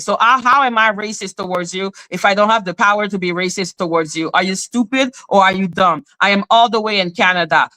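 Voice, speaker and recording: In heated live commentary from Canada, a woman host rants with indignation and profanity, returning to her points time after time. Her medium-pitched voice is bright and forceful, hitting stressed words with a hard edge.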